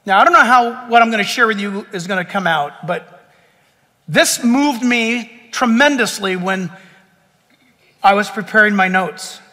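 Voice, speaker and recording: A man's voice: high voice, measured pace, sharp tone, in a large hall. A man preaching a sermon to a church congregation with rising, emphatic delivery. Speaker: pastor. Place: church hall.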